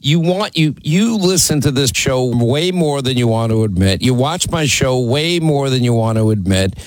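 A man's voice: mid-range voice, lively intonation, normal speed, no room sound, low-quality recording. A middle-aged man hosting a call-in talk show, blunt, mocking and argumentative. His voice sits in a middle range. It is recorded close and dry. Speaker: radio talk show host. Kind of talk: combative call-in radio talk.

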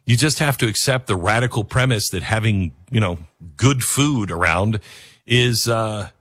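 Man, radio talk host, husky, dry sound, rambling, self-mocking. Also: on the low side, moderate pace, a bit bright, no echo. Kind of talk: talk radio host reading live ads and ranting.

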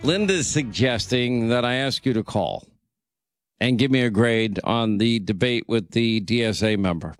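A man's voice: mid-range voice, no echo, soft background music. New york radio guy ribbing his cohost, medium voice, dry close mic. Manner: joking, teasing, quick asides. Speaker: talk radio host. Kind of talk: casual radio banter.

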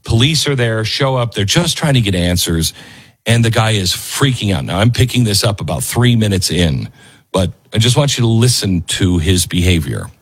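A man delivering opinionated commentary with a lively, up-and-down delivery. His voice has a husky edge, and he hammers his points home by repeating them. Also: on the low side, moderate pace. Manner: emphatic, lively, repeats lines for stress. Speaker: commentary show host. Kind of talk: opinionated commentary over a played video.

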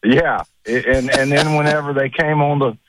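A man calling in to a radio show, talking in a halting way, with restarts and trailing phrases. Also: medium pitch, steady tone, fairly bright tone, no echo, low-quality recording. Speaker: caller. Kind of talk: phone-in chat.

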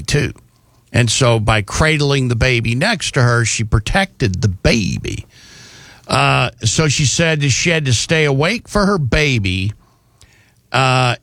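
Guy hosting a talk show, unhurried, pitch jumps all over, dry close sound. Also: gravelly, dry recording. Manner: animated storytelling with jokey asides. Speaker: radio show host. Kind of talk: casual news chat.

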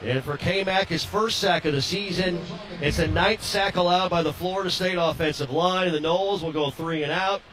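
A man calling live college football play-by-play, quick and rising to shouts on big plays. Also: sits high. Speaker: play-by-play announcer.

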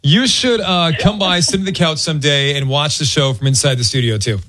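A middle-aged man hosting a radio show in loose on-air banter, joking and teasing as he goes. His voice sits a touch higher than most men's. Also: brisk, sharp tone. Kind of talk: casual on-air chat.

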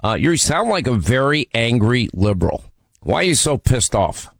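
A man's voice: medium pitch, very animated, normal speed, vocal fry, no echo. A man hosting a call-in radio show, blunt and mocking, talking over callers in a dry studio. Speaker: radio talk show host. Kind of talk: combative call-in radio talk.

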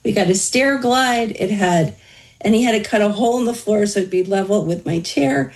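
A woman's voice: mid-range voice, moderate pace, creaky, a little mellow, low-quality recording. Candid woman telling her story with humor. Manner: candid, wry humor, talks through hardship plainly. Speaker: interview guest, author. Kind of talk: conversational personal storytelling.

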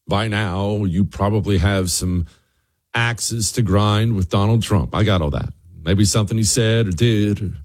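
A man hosting a talk radio show, giving a fired-up monologue and speaking directly to his listeners. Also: fairly low pitch.

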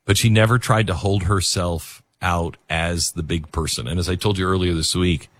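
A man's voice: deep voice, fairly even intonation, moderate pace, fairly bright tone. A man hosting a talk radio show, rambling in casual commentary with many fillers and restarts.

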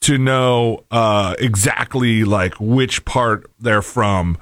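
An American man co-hosts a casual talk show, thinking aloud in a halting, rambling way. His mid-range voice is recorded close and dry. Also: lowish voice, a bit bright, no room sound. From United States. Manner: rambling, hesitant, lots of fillers. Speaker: podcast co-host.

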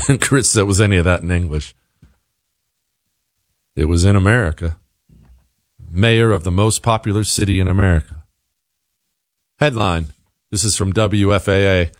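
A man hosting a talk radio show, delivering an opinionated monologue with sarcasm and emphatic jumps in pitch. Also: moderate pace, pauses often, dry recording, studio quality.

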